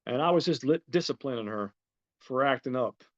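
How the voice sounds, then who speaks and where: A man voicing a calm, persuasive middle-aged homeowner with a put-on Southern drawl. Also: mid-range voice, normal speed, highs cut off, close to an everyday voice. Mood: coaxing.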